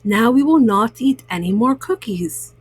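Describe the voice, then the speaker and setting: A woman voicing a sensible, patient male frog in a storybook reading, calm and reasoning. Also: fairly high pitch, measured pace, slightly rough, no room sound, pitched below the performer's own voice.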